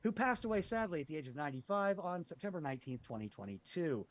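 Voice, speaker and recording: A man's voice: fairly high pitch, lively intonation, fast talker, dry recording. A man co-hosting a podcast, adding jokey asides and trivia. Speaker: podcast co-host. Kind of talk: casual chat.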